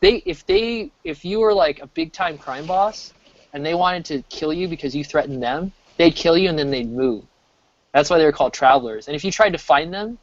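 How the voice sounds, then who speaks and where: An American man in his thirties talks casually in a fairly high voice, rambling and often restarting his sentences. The sound is dry and a bit dull, as from a cheap desk mic. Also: dry recording. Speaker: streamer. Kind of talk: casual chat.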